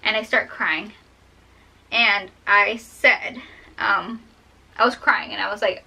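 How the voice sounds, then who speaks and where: A woman's voice: mid-range voice, fairly even intonation, takes it slowly, vocal fry, long pauses, pushed and bright, husky, poor audio. A young woman vlogger telling a personal story while drawing, fighting back tears and rambling with many fillers.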